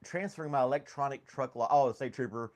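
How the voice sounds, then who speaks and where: A man's voice: medium pitch, fairly quick. A man hosting a casual coffee podcast from his home studio, chatty and laughing often as he reads chat and talks to his dog. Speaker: podcast host. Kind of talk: casual live-stream chat. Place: home studio with foam on walls.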